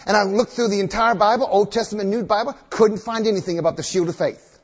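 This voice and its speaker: A man preaching a sermon, reading scripture aloud and then explaining it slowly with emphatic repetition. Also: high voice, fairly even intonation, breathy edge. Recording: long reverb of a large hall.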